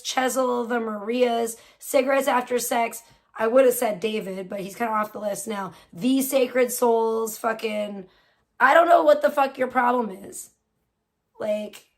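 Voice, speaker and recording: A high-pitched woman talks straight to her livestream chat. She swears freely and speaks bluntly and heatedly, like she's venting to friends from a home streaming setup. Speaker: livestream host. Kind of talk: casual live-stream chat with viewers.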